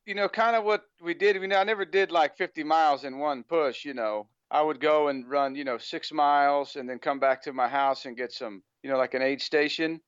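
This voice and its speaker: An American podcast guest chats in a casual interview, rambling loosely and filling gaps with "you know." His smooth, clean voice is slightly raised in pitch and fairly bright, and he talks fairly quickly with hardly any pauses. The audio sounds dull and lo-fi, like a remote call, dry and close with no echo.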